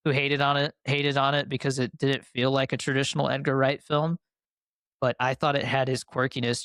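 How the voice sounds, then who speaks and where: A man's voice: mid-range voice, a bit bright, no echo, studio quality. A young adult man co-hosting a podcast, talking casually and enthusiastically about his favorite films with lots of fillers. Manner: rambling, filler-heavy, enthusiastic. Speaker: podcast co-host. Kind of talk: casual film review chat.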